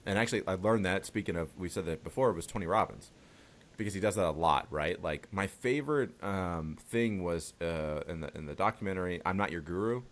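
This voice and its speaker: A man hosting a podcast, talking casually and loosely, swearing now and then and laughing easily. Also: low voice. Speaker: podcast host. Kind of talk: casual interview chat.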